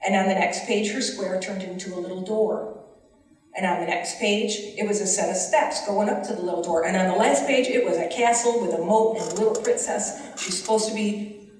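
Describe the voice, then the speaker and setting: Earnest teacher testifying in an echoey hall. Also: female voice, mid-range voice, brisk, a little mellow. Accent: Western New York. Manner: earnest, pleading, voice rising with emotion. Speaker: special education teacher testifying. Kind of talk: public testimony at a hearing. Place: large hall, heard from a distance. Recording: echoey hall, mic far off.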